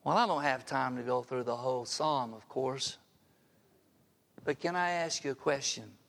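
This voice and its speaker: A man's voice: mid-range voice, normal speed, gravelly, a bit bright. An older man preaching a sermon as pastor, earnest and full of direct rhetorical questions to his listeners. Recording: long reverb of a large hall.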